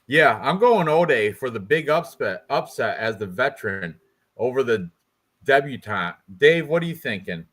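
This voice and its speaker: A man's voice: mid-range voice, animated, normal speed, fairly bright tone. Rambling joking man host. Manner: joking, rambling, trash-talking with laughs. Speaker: podcast host. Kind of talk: casual prediction show chat.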